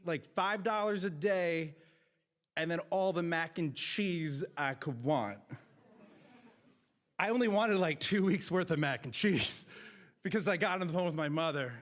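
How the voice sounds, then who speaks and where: A man in his thirties from New Jersey, telling a personal story with comic timing and big jumps in pitch. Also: a bit bright.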